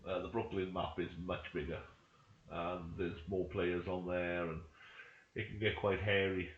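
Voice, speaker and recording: Here the streamer's voice is low-pitched, level in tone and unhurried. He chats casually with friends during a roleplay game, mumbling and rambling to himself as it loads, and the audio is dull and lo-fi with room echo.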